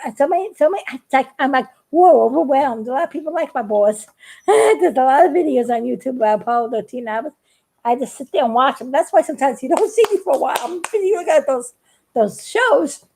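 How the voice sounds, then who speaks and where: An older woman with a high, gravelly voice that swoops widely up and down. She chats in a folksy, rambling way and breaks into giggles often, like a casual crafting vlog. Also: expressive, fairly quick, mellow. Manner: giggly, laughs often between lines. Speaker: craft video maker.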